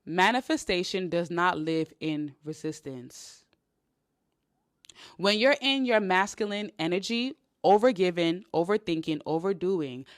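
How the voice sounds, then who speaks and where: Brief: young New woman, blunt and animated, swears freely, dry close sound. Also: deep voice, no echo. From New York. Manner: blunt, animated, profane, mimics others. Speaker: host. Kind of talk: casual livestream talk.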